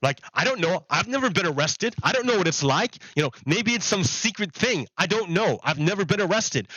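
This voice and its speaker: A man's voice: high voice, sharp tone, breathy edge, no echo, highs cut off. A man livestreaming, telling a story in a rambling way, repeating himself and laughing at how absurd it was. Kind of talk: casual storytelling to stream viewers.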